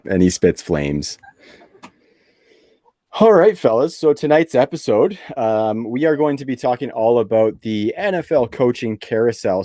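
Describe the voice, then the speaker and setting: A man from Canada hosting a podcast, relaxed and easygoing, laughing readily between filler words. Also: on the low side, no echo, studio quality. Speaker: podcast host. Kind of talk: casual podcast chat.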